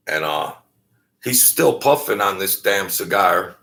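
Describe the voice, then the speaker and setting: Gravelly low-voiced man telling a story. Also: animated, bright, forceful tone. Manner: halting, many fillers and restarts, acts out quoted voices. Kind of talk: casual storytelling.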